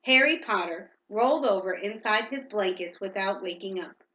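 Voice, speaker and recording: A woman's voice: mid-range voice, moderate pace, pushed and bright, echoey room, poor audio. A woman reading a storybook aloud to a child at home, reading steadily and stopping now and then to ask questions.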